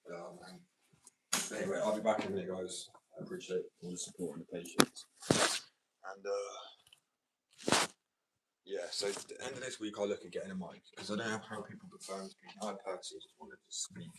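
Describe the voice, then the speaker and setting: A man with a deep, mumbly voice, chatting casually on a stream, rambling, looping back on his point and swearing offhandedly. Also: a little fast, noisy background. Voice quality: naturally deep voice, mumbly when relaxed. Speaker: fingerboard streamer. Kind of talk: casual live-stream chat. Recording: built-in mic, a little distant.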